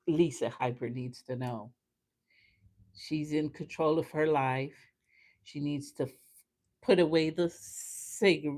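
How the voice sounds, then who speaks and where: A woman hosting a chat stream, telling personal stories in an earnest, animated way and laughing often. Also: sits low. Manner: earnest, faith-filled. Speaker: host. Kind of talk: casual chat.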